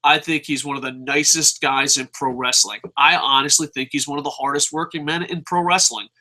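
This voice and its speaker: A man hosting a wrestling review show, ranting casually with lots of swearing and occasional shouting. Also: fairly high pitch, a little fast, low-quality recording. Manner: excitable, profane, shouts at times.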